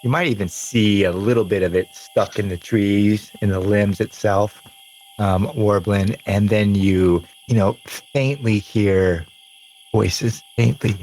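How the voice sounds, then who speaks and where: A man narrating a tabletop game as game master, slow and descriptive with frequent laughs. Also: fairly low pitch, fairly even intonation, darkish tone, slight background noise, rough recording.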